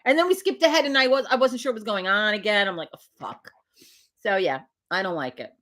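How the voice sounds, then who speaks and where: An older woman, laughing frequently, hosts a casual morning stream and chats profanely and meanderingly with her viewers. Her voice is medium in pitch, expressive and a bit bright, delivered at a quick pace.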